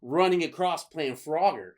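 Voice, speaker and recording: A man casually telling stories on a podcast, swearing freely, laughing and acting out quotes loudly. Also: a little high, normal speed. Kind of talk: casual storytelling chat.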